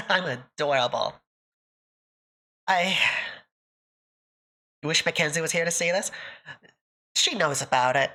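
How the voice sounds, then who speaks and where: A woman's voice: deep voice, takes it slowly, pauses often, pushed and bright. A woman streamer chatting with her live audience, emotional and close to tears, laughing often between thank-yous. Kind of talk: casual live-stream chat.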